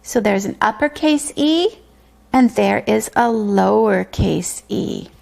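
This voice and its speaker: Slow sing-song woman with a gravelly edge. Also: mid-range voice, expressive, a little mellow. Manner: slow, sing-song, drawn-out words for small children. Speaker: preschool teacher. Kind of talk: pre-K circle time lesson.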